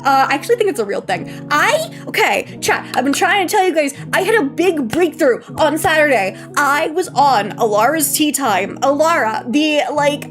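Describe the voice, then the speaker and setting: A young woman streaming live, chatting to her viewers in a rambling, emotional way, tired and close to tears, with nervous laughs. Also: sits high. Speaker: VTuber streamer. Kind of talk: casual live-stream chat. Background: faint background music.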